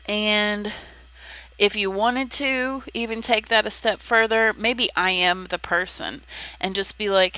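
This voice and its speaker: A young woman talks through her advice in a relaxed vlog style, pausing often with ums and restarting sentences. Her voice is bright and clear at a middle pitch. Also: no room sound, poor audio. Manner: chatty, with frequent ums and restarts. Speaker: content creator giving advice. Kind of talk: casual tutorial vlog.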